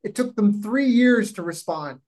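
A man from Canada, a guest telling a long anecdote in a lively, rapid, casual way. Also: high voice, low-quality recording. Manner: animated, rapid, acts out voices in anecdotes. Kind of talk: casual storytelling.

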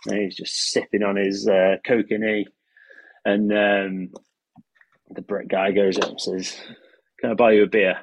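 Man, gravelly, dry close sound, animated storyteller. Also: deep voice, moderate pace, long pauses, no echo, highs cut off. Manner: animated anecdote teller, acts out voices and sound effects. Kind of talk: casual storytelling chat.

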